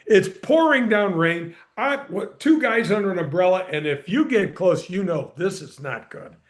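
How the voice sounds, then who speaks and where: A middle-aged man tells his story on a podcast with energy and emphasis. His voice sits high for a man. He punches key words and keeps the telling moving. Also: expressive, moderate pace. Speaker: podcast guest, former pro golfer and radio host. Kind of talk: animated storytelling in conversation.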